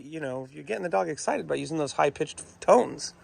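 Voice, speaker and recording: A man's voice: a little high, brisk, vocal fry, hardly any pauses, a bit bright, no room sound, clean studio sound. A man who trains dogs, talking to viewers in a chatty, emphatic way and often calling them "folks". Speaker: dog trainer. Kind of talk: casual instructional vlog.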